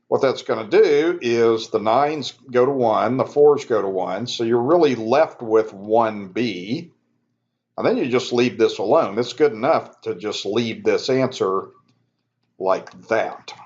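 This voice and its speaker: Relaxed man explaining math steps. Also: mid-range voice, unhurried, dull audio. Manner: relaxed, conversational, self-correcting, talks students through steps. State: yawning, sleepy. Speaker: math instructor. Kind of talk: recorded math lecture.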